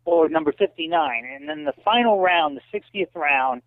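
Gravelly and very animated, this man speaks at a moderate pace as an interview guest, drawing on his past as a kickboxer and wrestling promoter. He imitates the people in his stories with dramatic pitch leaps, heard over a dry, tinny, phone-like line.

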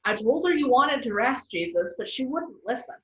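A woman voicing a bossy, protective male disciple who yells at people. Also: fairly high pitch, big pitch swings, normal speed, pitched above the performer's own voice. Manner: bossy, shouting. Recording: distant, roomy, dull sound.

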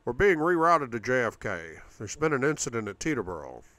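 A man's voice: medium pitch, sing-song, a little fast, sharp tone, no room sound. A man voicing a courteous, businesslike male airline captain.

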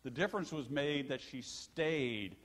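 This older pastor's voice is mid-range and unhurried as he preaches a sermon. He tells stories in an animated way and asks the congregation questions, all in a church sanctuary with long, echoing reverb.

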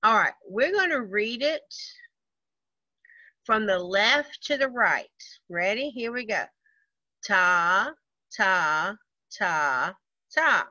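A woman leads a music lesson for small children, speaking slowly and patiently with a bright, crisp voice. She counts rhythms aloud in a sing-song manner. The sound is dry and a little dull, like a lo-fi video call. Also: a little high, animated, no room sound. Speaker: first grade music teacher. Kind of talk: online lesson for young children.

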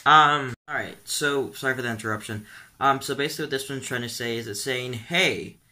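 A man's voice: mid-range voice, fairly quick, bright, forceful tone. A teenage boy vlogging casually, rambling and filling his talk with um and like. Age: teens. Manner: rambling, full of "um" and "like". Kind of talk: casual vlog commentary.

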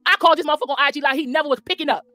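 A woman telling a story fast and angrily, swearing freely as she recounts events in casual chat. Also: high voice, pushed and bright, no echo. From Philadelphia. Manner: profane, rapid, indignant. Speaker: guest.

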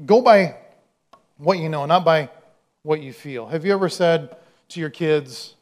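A man's voice: fairly high pitch, unhurried. A male pastor preaching a sermon in a conversational, storytelling way, with asides to the congregation. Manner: conversational, storytelling, acts out quoted voices.

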